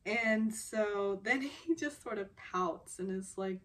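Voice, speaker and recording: A woman's voice: medium pitch, slow pace, hardly any pauses, fairly bright tone. A woman casually recapping a TV drama episode, rambling and laughing often as she talks.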